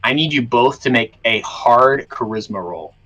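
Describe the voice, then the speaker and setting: A man running a tabletop role-playing game as game master, narrating scenes in a descriptive, relaxed way with frequent fillers. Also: medium pitch, normal speed, highs cut off.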